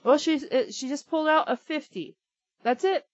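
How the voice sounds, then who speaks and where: A woman's voice: high-pitched, moderate pace, no room sound, lo-fi sound. A woman co-hosting a comedy reading show, reading fanfiction aloud and riffing on it in a blunt, sarcastic way with plenty of swearing. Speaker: podcast co-host reading fanfiction.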